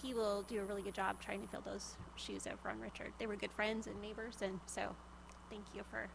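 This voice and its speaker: A woman's voice: medium pitch, flat delivery, fairly quick, vocal fry, background noise. A woman, a state senator, introducing and endorsing a nominee at a legislative hearing, a little out of breath. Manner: warm, slightly breathless endorsement. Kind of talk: formal remarks.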